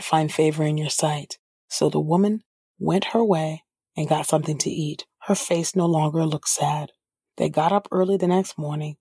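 A woman's voice: sits low, dark tone, breathy edge, no room sound, clean studio sound. A woman who reads scripture aloud and then leads a fervent, spontaneous prayer, often repeating "oh God" and restarting her phrases. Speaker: Bible reader and prayer leader.

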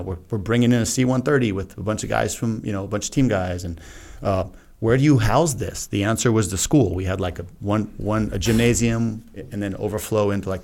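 A man's voice: on the low side, a little mellow. A middle-aged man, a retired Navy SEAL guest on a podcast, telling a personal story in a frank, earnest, casual way and acting out his own past remarks.

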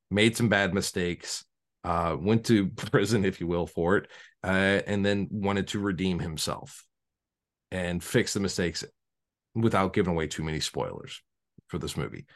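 A man co-hosting a podcast in casual chat, telling stories in an animated way with frequent restarts and laughter. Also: low voice. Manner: animated storyteller, stammers and restarts, laughs often. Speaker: podcast co-host.

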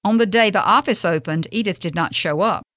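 A woman hosting a radio devotional, reading a faith story in an earnest, gentle, measured way. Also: mid-range voice, no echo.

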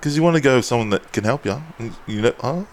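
This podcast co-host, a man of Pacific Islander heritage, speaks at a medium pitch, fast and expressive, with slight background noise. His casual chat is laid-back storytelling, full of free swearing and frequent laughter.

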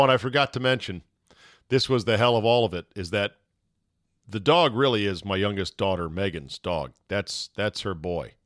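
A man's voice: lowish voice, fairly bright tone, no echo, clean studio sound. A middle-aged man hosting his own podcast, talking casually and self-deprecatingly, sometimes acting out little bits of dialogue. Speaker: podcast host. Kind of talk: casual monologue.

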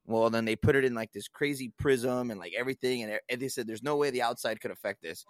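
A young man talking loosely on a podcast, drifting from point to point with plenty of swearing and quick laughs. His pitch sits in the middle and the sound is dry and close, with almost no room in it. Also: no room sound. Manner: rambling, profane, laughs at his own stories. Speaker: podcast co-host. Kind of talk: casual podcast chat.

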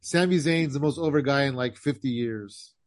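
A man's voice: medium pitch, normal speed, no echo. A man co-hosting a casual chat, opinionated and joking.

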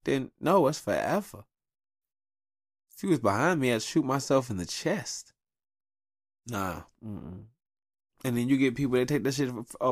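A man in his thirties hosting a podcast, giving casual advice in a blunt, profane, animated monologue recorded at a home mic. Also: medium pitch, normal speed, long pauses, no room sound, studio quality. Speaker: podcast host.

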